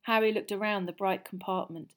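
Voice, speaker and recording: A woman narrating a storybook aloud in an expressive, dramatic style. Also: medium pitch, a little fast. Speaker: audiobook narrator. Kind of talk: scripted narration.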